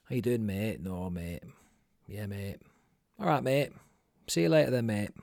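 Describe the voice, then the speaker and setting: A man's voice: fairly low pitch, sing-song, measured pace, gravelly, darkish tone, no room sound, clean studio sound, full character voice. British guy doing a northern english local, friendly, says mate constantly. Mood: jokey. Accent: Northern English put-on. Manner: repeats mate in a cheery drawl.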